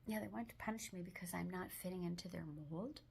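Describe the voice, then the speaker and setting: Woman whispering gentle self-help encouragement. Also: on the low side, fast talker, vocal fry, slight background noise. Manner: gentle, affirming, mostly whispered with firmer spoken phrases. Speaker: self-help video host.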